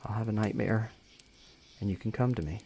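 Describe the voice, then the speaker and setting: A man reading the lines of a gentle young man who talks a frightened friend through her panic in a storybook reading. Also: lowish voice, a little fast, gravelly, a little hiss or hum. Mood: soothing. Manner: soothing, reassuring.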